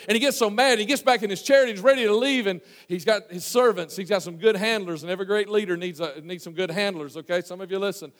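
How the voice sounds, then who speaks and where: A man preaches to his church in a folksy, storytelling way, stumbling through restarts as he goes. His voice sits high for a man and rings out with a long hall reverb. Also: fast talker, few pauses. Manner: folksy, storytelling, many fillers and restarts, swings from hushed to loud. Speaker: pastor. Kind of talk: sermon. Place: church sanctuary.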